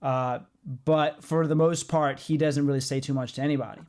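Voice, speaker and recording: Man, comics podcast host, fairly high voice, assertive, lots of fillers. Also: fairly even intonation, normal speed, a little mellow. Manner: assertive, explains at length with fillers. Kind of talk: casual chat.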